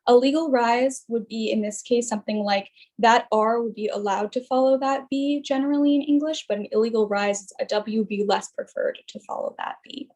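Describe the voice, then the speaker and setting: A woman's voice: on the high side, a little mellow. A young woman in her twenties giving a student research presentation, explaining carefully with many fillers and restarts. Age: young adult. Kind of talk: academic presentation.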